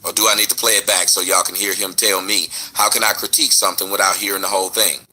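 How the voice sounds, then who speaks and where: A man hosting his online show, answering a critic in an animated, rhetorical commentary rant. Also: sits low, fast talker, husky. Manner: animated, rhetorical, mocking retorts.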